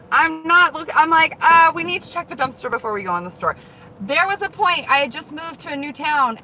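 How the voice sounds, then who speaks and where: Excitable high-voiced woman live-streaming outdoors. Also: rough recording. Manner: chatty and excitable, talks to viewers. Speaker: vlog host, dumpster diver. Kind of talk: casual live-stream chat. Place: outdoors around store lots and in a car. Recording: loud car and outdoor noise.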